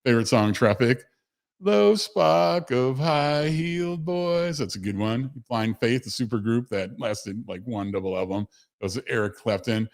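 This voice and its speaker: A man with a somewhat low voice hosts a casual livestream. He rambles in a loose, chatty way, corrects himself mid-sentence and answers viewers in the chat. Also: fairly even intonation, moderate pace. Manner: rambling, conversational, with fillers and self-corrections; reads chat messages aloud to viewers. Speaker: host of a livestream show.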